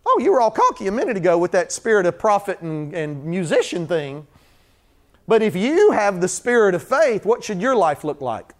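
A man's voice: high voice, big pitch swings, moderate pace. A man preaching a sermon in a church, chatting with the congregation and acting out little scenes, then building into fervent repetition. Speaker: pastor.

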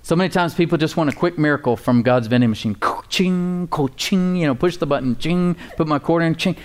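Racing along in a voice on the high side, a pastor preaches to a church congregation that responds to him. He's emphatic yet casual, repeating key words, asking for amens, and slipping in fillers and folksy asides.

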